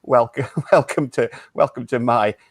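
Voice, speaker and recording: A man's voice: medium pitch, normal speed, very noisy, lightly acted. A man playing a hesitant, stammering phone-in radio host in an improvised comedy show. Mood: awkward.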